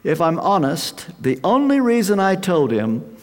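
An older man preaching a sermon, slow and emphatic with dramatic pauses. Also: high voice, big pitch swings. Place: large hall with an audience. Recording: reverberant hall sound.

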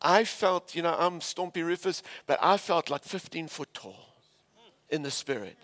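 A man from England preaching a storytelling sermon, animated, switching between shouts and hushed tones. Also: fairly high pitch, normal speed.

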